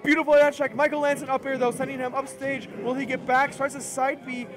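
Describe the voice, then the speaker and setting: A man doing fast play-by-play esports commentary, excitable and short of breath, his voice strained from yelling. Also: very high-pitched, over music. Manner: excitable, frequent shouted exclamations. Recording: loud crowd behind. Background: cheering crowd.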